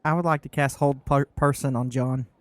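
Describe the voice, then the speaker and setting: A man's voice: mid-range voice, fairly even intonation, moderate pace, dry recording. Laughing, exasperated male player. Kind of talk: casual tabletop play.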